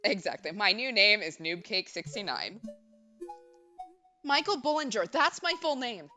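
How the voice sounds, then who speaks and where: A woman's voice: medium pitch, big pitch swings, a little slow. A young woman streamer chatting casually and nervously while playing a game, babbling with lots of fillers. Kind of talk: casual let's-play chat. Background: game music.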